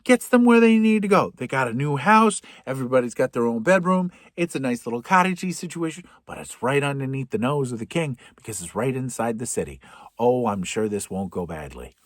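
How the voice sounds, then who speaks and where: A man recapping a film plot for comedy, rambling and sarcastic, with sudden loud outbursts and whispered asides. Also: medium pitch, expressive, brisk, no echo, clean studio sound. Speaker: podcast host.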